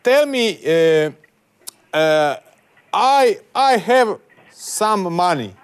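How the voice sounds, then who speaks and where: Croatian-accented male prank caller, slow, fumbling English, slightly raised pitch. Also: very animated, clean tone. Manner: broken hesitant English, full of "uh". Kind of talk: prank phone call.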